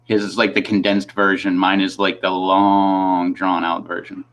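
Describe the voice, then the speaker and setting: A man's voice: deep voice, little pitch movement, measured pace, fairly bright tone. A man hosting a livestream in casual chat, rambling and laughing between his sentences. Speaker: host of a livestream.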